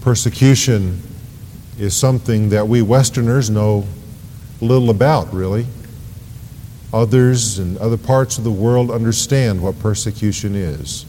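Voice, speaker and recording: A man preaches an evening sermon, his voice mellow and dark in tone. He lifts his voice and slows down to stress the scripture he reads aloud. His words ring out with a long reverb from a church sanctuary. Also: on the low side, a little hiss or hum. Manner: preaching with rising emphasis on scripture readings. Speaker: pastor.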